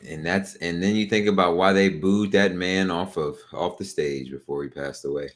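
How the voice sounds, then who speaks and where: A man's voice: low-pitched, steady tone, normal speed, slight background noise. A man hosting a podcast in casual chat, joking and riffing.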